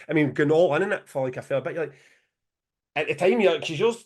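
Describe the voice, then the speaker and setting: A Scottish man co-hosting a podcast over a video call, talking fast, swearing and laughing often. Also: a little high, a little mellow. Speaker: podcast co-host.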